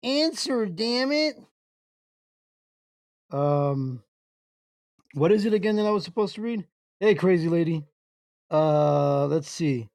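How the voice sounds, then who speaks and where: A man hosting a casual internet radio show, reading chat messages aloud in a slow, halting way and breaking into laughter. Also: fairly high pitch, gravelly, dark tone, dry recording, clean studio sound.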